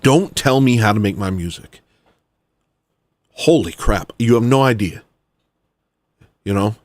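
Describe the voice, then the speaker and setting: A man, an independent musician, ranting heatedly, swinging from low grumbling to loud exclamations. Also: measured pace, no room sound. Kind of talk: ranting monologue.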